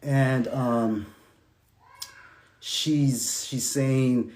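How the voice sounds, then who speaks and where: A man talking casually and emphatically about his marriage, sometimes dropping to a soft, low tone as he recounts events. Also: unhurried. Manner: animated and emphatic, sinking to soft, low tones when recounting. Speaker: estranged husband telling his side. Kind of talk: casual monologue.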